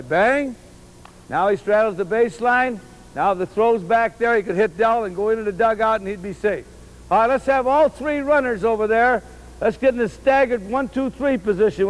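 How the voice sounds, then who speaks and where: A man's voice: sits high, rough recording. A man coaching baseball on a field, demonstrating drills with emphatic, repeated key phrases, from an old VHS tape. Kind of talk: instructional demonstration.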